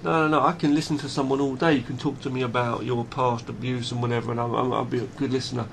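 Man, mid pitch, blunt, swearing, faint background hiss. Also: fairly even intonation, fast, gravelly. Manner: blunt, emphatic, swears freely; repeats and restarts phrases. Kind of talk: unscripted monologue.

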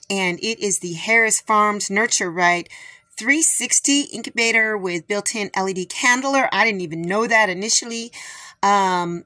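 This is a middle-aged woman vlogging from her homestead, her voice a little hoarse. She chats casually, meandering with plenty of ums. Her tone is bright and forward. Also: medium pitch. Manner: chatty, rambling with many fillers. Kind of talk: casual chat.

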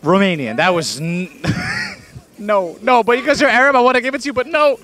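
A man's voice: high voice, a bit bright, faint music behind. A man hosting a casual street interview outdoors in the city, playful and teasing as he quizzes passers-by. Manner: playful, teasing, switches languages quickly.

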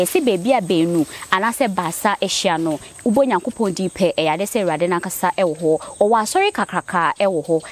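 A woman from Ghana presenting and interviewing on location, explaining events to viewers in a steady, storytelling way. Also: medium pitch. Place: outdoors on a mountain.

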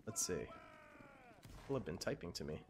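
A man's voice: sits low, animated, brisk, noisy background. A man hosting a gaming video, chatting casually as he plays and often trailing off into mumbles. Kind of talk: casual gameplay commentary.

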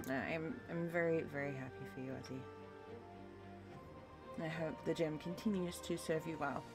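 A young woman with a deep voice speaks at a moderate pace with fairly even intonation, and music plays underneath. Livestreaming while she paints, she sounds tired and worn out as she reads her chat aloud and encourages viewers.

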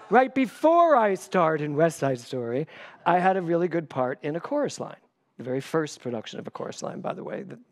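A man in his sixties, a spiritual director giving a sermon, who tells stories with sudden loud bursts and hushed asides and repeats key phrases for emphasis. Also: on the high side. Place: church stage before a live congregation.

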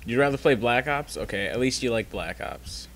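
A man's voice: medium pitch, expressive, normal speed, gravelly, fairly bright tone, a little hiss or hum. A man recording a casual gaming session at home, bantering sarcastically with a friend. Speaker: gamer recording a let's play.

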